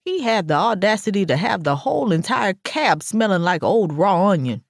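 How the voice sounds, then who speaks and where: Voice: medium pitch, animated, moderate pace, few pauses, dry recording, clean studio sound. An audiobook narrator reading a first-person story in a brash, sassy, profane voice.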